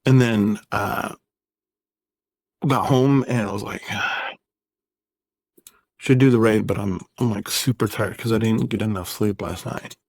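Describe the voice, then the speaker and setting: A man's voice: on the low side, steady tone, slow pace, long pauses, dry recording. A man in his thirties, a gaming YouTuber, ranting in a casual vlog, rambling, exasperated and sarcastic.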